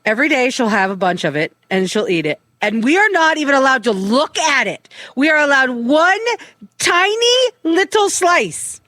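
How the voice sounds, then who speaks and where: Animated middle-aged woman co-host, lively. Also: fairly high pitch, brisk, hardly any pauses, no echo. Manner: animated storytelling, frequent swearing. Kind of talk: casual chat.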